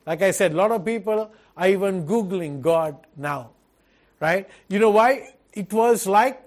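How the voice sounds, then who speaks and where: A man delivers an earnest sermon. He preaches at a measured, unhurried pace in a fairly high voice, circling back to his points with repeated phrases and rhetorical questions. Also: animated. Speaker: pastor.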